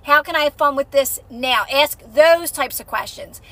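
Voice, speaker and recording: Streaming live on a phone mic, a young adult woman, a manifestation coach, talks with her viewers in a chatty, reassuring way, full of fillers and repeats. She speaks at a moderate pace with a high, somewhat bright voice.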